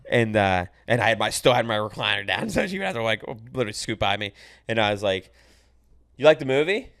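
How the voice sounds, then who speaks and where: Young guy talking super fast, animated story, swears a lot, casual podcast. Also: on the low side, vocal fry, smooth. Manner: animated storytelling, heavy swearing, many restarts. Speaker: host.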